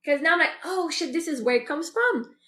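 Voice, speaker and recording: Talking fairly quickly with lively intonation, a woman in her thirties with a high, bright voice hosts a show and reflects openly on her personal life. She rambles chattily, using plenty of fillers and quoting her own thoughts, and the room gives a noticeable echo.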